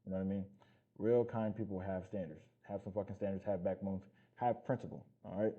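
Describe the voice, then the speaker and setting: A fitness coach giving blunt, profane motivational talk in a casual vlog. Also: male voice, deep voice, fairly even intonation, a little fast, husky, highs cut off.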